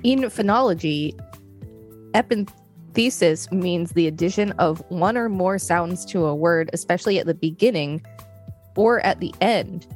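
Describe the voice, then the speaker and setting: A woman co-hosting a podcast, reading her part of a scripted explainer in a measured way. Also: fairly low pitch, darkish tone, soft background music. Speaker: podcast co-host.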